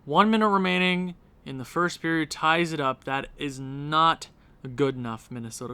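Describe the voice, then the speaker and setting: A man's voice: on the high side, lively intonation, moderate pace, bright, forceful tone, smooth, no room sound. A young man giving casual commentary on his own hockey video game late at night at home, exasperated and pleading with his team. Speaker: gaming video creator. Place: house at night.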